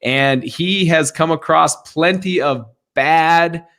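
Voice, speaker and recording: A man's voice: a little high, takes it slowly, fairly bright tone. A man hosting a live real estate Q&A stream, talking casually in an upbeat, joking, encouraging way over a video call.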